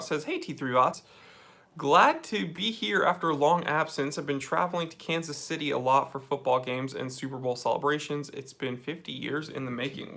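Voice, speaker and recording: A man's voice: on the high side, gravelly, bright, forceful tone. A young man from New England, hosting a casual livestream from his office and reading viewer comments aloud in an upbeat way. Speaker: livestream host.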